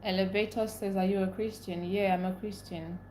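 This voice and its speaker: A woman's voice: medium pitch, fairly even intonation, brisk, dark tone, slight background noise. Young woman livestream host from Nigeria, upset and ranting, greets chat by name. Echoey room. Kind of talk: casual live-stream chat, reading comments.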